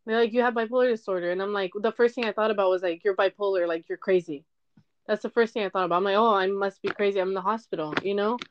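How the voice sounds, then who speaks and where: A woman's voice: mid-range voice, steady tone, fast talker, dull audio, a little hiss or hum. A young woman podcaster telling a personal story in a candid, emotional monologue, often tearful and swearing.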